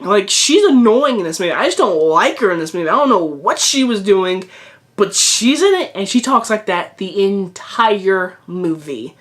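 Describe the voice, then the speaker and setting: A man's voice: high voice, big pitch swings, normal speed, fairly bright tone. A young man talking casually to camera in a movie review, chatty and repetitive, with frequent restarts and fillers. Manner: chatty, repeats himself, many restarts and fillers.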